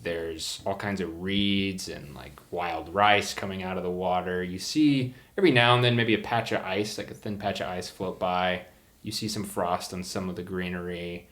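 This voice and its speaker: A man's voice: deep voice, moderate pace, a bit bright. A man narrating a tabletop game as game master, casual and rambling, with lots of fillers.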